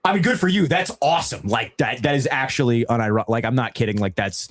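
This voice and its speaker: A man's voice: mid-range voice, fast talker. A young man hosting a casual live stream, laughing and swearing as he talks. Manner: laughing, swearing, lively banter.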